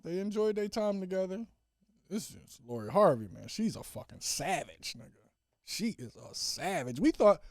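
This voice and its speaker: Solo podcast host, man in his thirties, high lively voice, slangy and profane, dry close sound. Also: no echo. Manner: animated, swings from loud exclaiming to low mutters; profane, slangy, repeats catchphrases. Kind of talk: solo casual rant.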